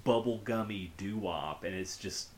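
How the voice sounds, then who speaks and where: A man's voice: fairly low pitch, a little slow. A man co-hosting a casual chat, adding wry quips and often laughing. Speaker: podcast co-host.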